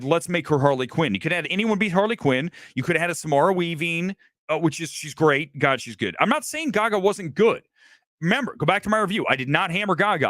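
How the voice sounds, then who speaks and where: A man's voice: on the high side, a bit bright, no echo. A middle-aged man hosting a live stream, talking casually and profanely, addressing his chat directly.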